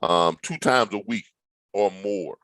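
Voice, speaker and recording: A man, a logistics trainer walking viewers through a load board, animated and playfully dramatic with teasing asides. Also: on the low side, unhurried, dry recording, poor audio. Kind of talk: screen-share tutorial talk.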